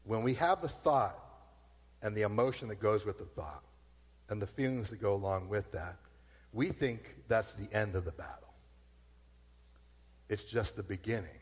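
A man preaching a sermon in an animated, emphatic storytelling manner, heard with long hall reverb. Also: fairly low pitch, moderate pace, long pauses, slightly rough. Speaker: pastor.

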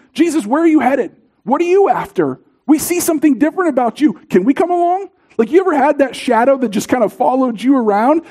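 A man in his thirties preaching a sermon as pastor, in a conversational, animated storytelling way. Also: very high-pitched.

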